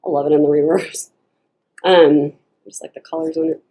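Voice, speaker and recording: A woman's voice: low-pitched, steady tone, normal speed, warm tone. A woman giving a casual tarot reading to her viewers, chatty and digressive, laughing often and slipping into little acted-out voices. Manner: acts out quoted speech in shifting voices. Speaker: tarot reader.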